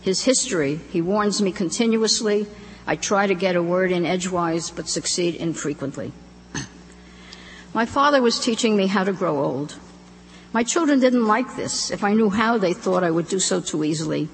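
Woman reading poems aloud, deliberate, gravelly, echoey hall, faint background hum. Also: on the low side, expressive. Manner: measured, deliberate, reflective. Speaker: author reading her work. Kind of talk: live poetry and story reading.

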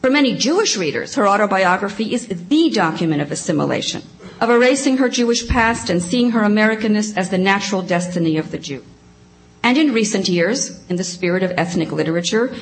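A woman on a panel, reading a prepared academic paper aloud in a measured, precise way. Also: mid-range voice, rough recording. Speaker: panel speaker.

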